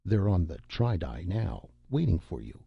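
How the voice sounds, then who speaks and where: A man's voice: low voice, very animated, a little slow, vocal fry, breathy edge, dry recording, full character voice. A man voicing a blunt, matter-of-fact male university president in an audiobook. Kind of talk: scripted audiobook narration. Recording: dull lo-fi recording.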